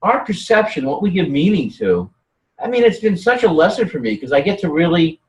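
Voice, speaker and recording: In a casual chat, a male guest with a voice on the high side and a slightly fast pace tells rambling, animated stories, restarting often. The recording sounds roomy, with him sitting distant from the mic.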